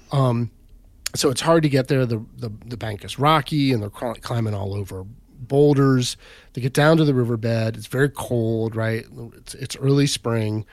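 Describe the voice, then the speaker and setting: A man's voice: mid-range voice, unhurried, no echo. Rambling man telling a story. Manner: rambling, filler-heavy, says "right?" and "like" often. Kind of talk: casual storytelling chat.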